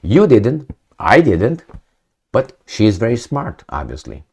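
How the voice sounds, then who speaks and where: A man hosts his own political commentary show, delivering a casual opinion monologue in a sardonic, lecturing manner full of mocking asides and rhetorical questions. His fairly low, darkish, slightly rough voice swoops wildly in pitch and moves a little slowly.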